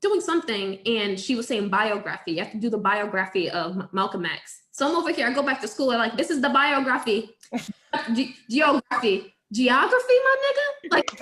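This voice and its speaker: A woman's voice: on the high side, sing-song, normal speed, bright, forceful tone, roomy sound. A woman who teaches, chatting casually and animatedly, acting out quotes and laughing often. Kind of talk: casual conversation.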